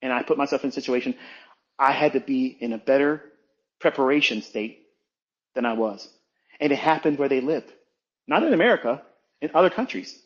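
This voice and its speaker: A man's voice: mid-range voice, expressive, brisk, long pauses, slightly rough. Blunt, profane man with dull lo-fi sound. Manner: blunt, profane, emphatic, repetitive. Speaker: trading mentor. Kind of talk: profane motivational monologue.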